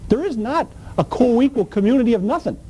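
A man's voice: extremely high pitch, lively intonation, a little fast, mellow, husky, poor audio. A man preaching a sermon in a folksy, emphatic, colloquial way.

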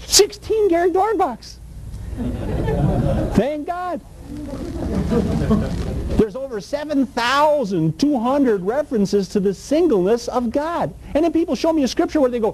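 Folksy high-voiced male preacher. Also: animated, brisk, a little mellow, slightly rough, rough recording. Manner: folksy, emphatic, colloquial. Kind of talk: sermon.

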